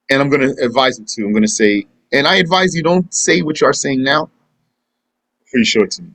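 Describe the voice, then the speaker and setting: A man's voice: medium pitch, lively intonation, fairly quick, long pauses, fairly bright tone, poor audio. A man teaching a live religious lesson and answering questions, talking conversationally and acting out imagined back-and-forth dialogues. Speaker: Islamic teacher.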